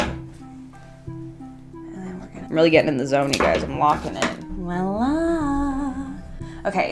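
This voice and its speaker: Young adult woman vlogger, low-set voice, loose and chatty, swears offhand, soft music underneath. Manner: chatty, playful, swears casually, talks to herself. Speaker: craft vlogger. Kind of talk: casual chat while arranging flowers. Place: home workstation.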